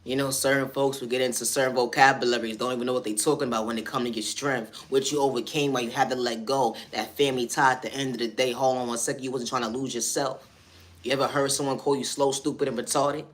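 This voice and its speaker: Man with mid pitch, rambling spoken-word refrains. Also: fairly even intonation, fast, fairly bright tone. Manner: repetitive refrains, "at the end of the day", "I say that respectfully". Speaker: vlogger.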